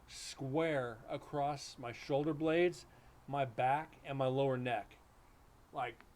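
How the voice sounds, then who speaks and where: A livestream host tells stories in casual chat, loose, blunt and joking. His mid-range voice comes through a streaming setup mic with slight background noise.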